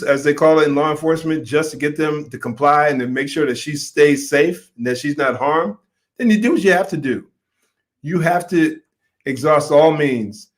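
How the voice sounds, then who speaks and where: Male host commenting on a clip, earnest, emphatic, gets worked up. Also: on the high side. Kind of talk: casual commentary.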